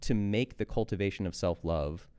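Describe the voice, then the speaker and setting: A man's voice: low-pitched, moderate pace, a little mellow, smooth. A man in his thirties, a podcast guest and coach, talking candidly and intensely, swearing freely. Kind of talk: candid conversational monologue.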